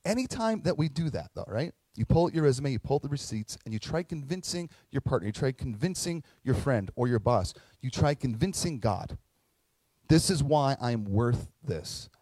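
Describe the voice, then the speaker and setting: Male pastor, lively chatty sermon delivery, dry unreverberant mic. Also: medium pitch, a little fast, hardly any pauses, breathy edge, no echo, rough recording. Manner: animated storytelling, conversational asides.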